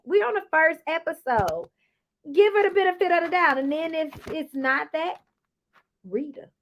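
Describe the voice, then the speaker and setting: A woman casually recapping a reality TV episode, chatty and sassy, often acting out what people said. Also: high voice. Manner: animated, acts out cast members' lines.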